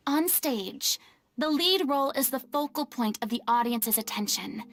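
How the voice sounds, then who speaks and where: A woman's voice: high-pitched, expressive, slow pace, fairly bright tone, full character voice. An actress playing a stern but caring young woman who lectures two quarreling actors, in game voice acting. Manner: firm, lecturing.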